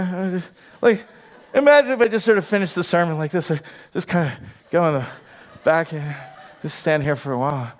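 A middle-aged male pastor telling a comic story in a lively sermon. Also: high-pitched, fairly quick.

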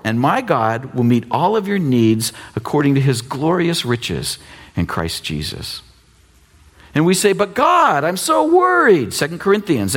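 Husky male pastor, fifties, lively sermon delivery with playful asides, slightly higher pitch. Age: 50s. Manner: animated, conversational, teasing asides.

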